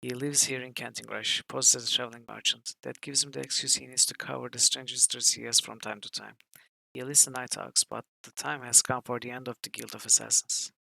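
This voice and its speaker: A man reading aloud the lines of a stern older male temple lector in a game, in a grave, measured way. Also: medium pitch, little pitch movement, vocal fry, sharp tone, exaggerated voice, rough recording.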